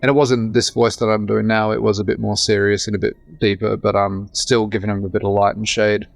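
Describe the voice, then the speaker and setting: A man's voice: on the low side, level tone, brisk, vocal fry, no room sound. A man in his thirties with an Australian accent, an actor talking in a casual, rambling podcast interview. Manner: chatty, rambling with many restarts. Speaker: actor guest.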